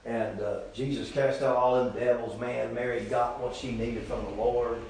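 Middle-aged man, pastor, sermon that rises loud then falls hushed, echoey room. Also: medium pitch, fairly even intonation, normal speed, vocal fry, a little hiss or hum. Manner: swings between loud, rising preaching and quiet, joking asides.

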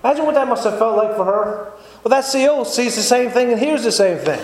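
A man's voice: extremely high pitch, expressive, a little fast. A man giving an earnest, repetitive testimony sermon in a church. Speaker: lay preacher giving testimony. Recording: echoey church room, faint noise.

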